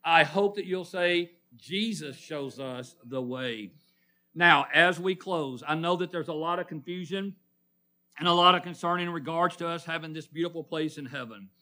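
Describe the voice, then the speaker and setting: A man's voice: a little high, steady tone, normal speed, pushed and bright. A man preaching a sermon in church, asking the congregation questions and calling on people by name. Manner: calls on listeners by name, call-and-response questions.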